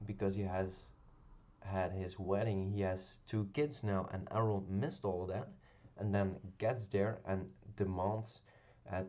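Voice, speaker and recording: A man's voice: deep voice, warm tone. A man giving a casual spoken review of a television episode, talking hesitantly with many ums and restarts. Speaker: video reviewer.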